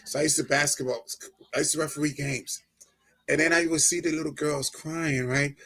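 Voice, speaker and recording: This interview guest, a middle-aged man from New Jersey, speaks at a moderate pace in a gravelly, fairly high voice while sharing an emotional testimony. Animated and prone to laughter, he raises his voice when excited.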